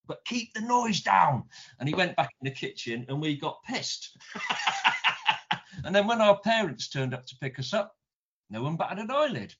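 Casually telling stories as a guest, a middle-aged man with a British accent rambles, trips over repeated words and swears mildly. His voice is medium-pitched and fairly bright, though the recording is dull, lo-fi and muffled in the highs.

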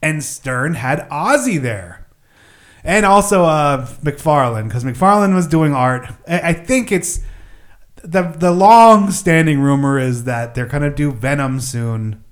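A man's voice: on the high side, lively intonation, slow. A man hosting a casual podcast, rambling and self-mocking, laughing often. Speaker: podcast host. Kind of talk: casual chat.

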